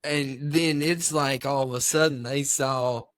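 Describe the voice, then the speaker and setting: A man's voice: medium pitch, steady tone, unhurried, a bit bright, dry recording. A young man co-hosting a podcast, telling rambling stories with lots of laughs and the odd silly voice. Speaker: podcast co-host. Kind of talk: casual chat.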